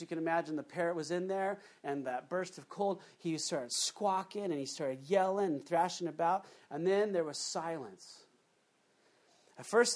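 A man preaching a sermon, telling a joke story with frequent asides to the congregation. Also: on the high side. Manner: animated storytelling with asides to the audience. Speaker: pastor.

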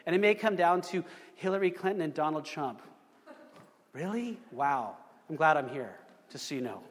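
A man's voice: sits high, in a large hall. A man preaching a sermon in a conversational way, asking the congregation questions and repeating himself as he builds his points. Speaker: pastor.

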